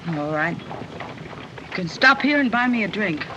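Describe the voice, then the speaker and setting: An actress playing a brassy, quick-tongued saloon singer with sassy showman patter, in 1930s film acting style. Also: mid-range voice, lively intonation, muffled recording, close to an everyday voice. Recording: hissy old 1930s film soundtrack.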